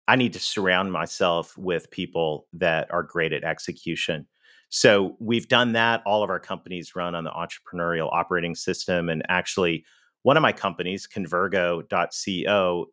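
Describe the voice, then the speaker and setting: A man's voice: deep voice, sharp tone, dry recording, clean studio sound. A Canadian man with a Canadian accent, a podcast guest talking about running businesses in an upbeat, emphatic way. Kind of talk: conversational interview.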